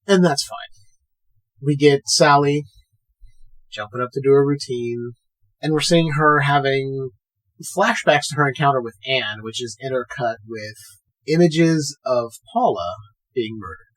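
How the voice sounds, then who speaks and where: A podcast co-host recaps a film during a casual chat, animatedly acting out the characters' lines and swearing freely. His voice is mid-range and his delivery unhurried.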